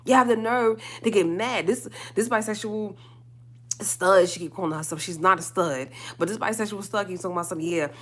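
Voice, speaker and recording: A woman's voice: mid-range voice, fairly quick, fairly bright tone. A woman hosting a livestream, delivering a heated, emphatic solo rant with slangy asides and repeated lines for stress. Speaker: livestream host.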